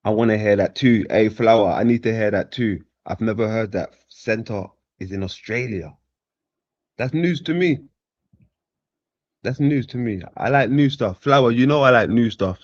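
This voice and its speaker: A man co-hosting a livestream in a relaxed, teasing way, often chuckling. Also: lowish voice, fairly quick, hardly any pauses, no room sound. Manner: laid-back, teasing, laughs often. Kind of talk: casual livestream chat. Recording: dull, dry remote audio.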